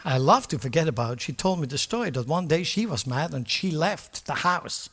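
An older man preaching a sermon with passion, moving from quiet asides to loud declarations. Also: on the high side, lively intonation, a little fast, husky. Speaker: pastor. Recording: long hall reverb.

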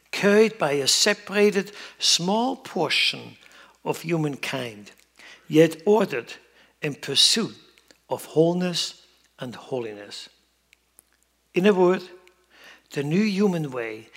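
Emphatic male preacher, slightly high voice. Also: vocal fry. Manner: emphatic preaching, swinging from loud to quiet. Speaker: pastor. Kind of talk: sermon.

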